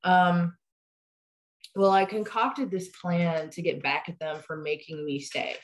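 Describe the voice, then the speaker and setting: Deadpan young woman with a low voice. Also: takes it slowly, slight background noise, poor audio. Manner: dry, deadpan delivery. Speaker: podcast co-host, the host's daughter. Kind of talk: casual storytelling. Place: home, over a video call.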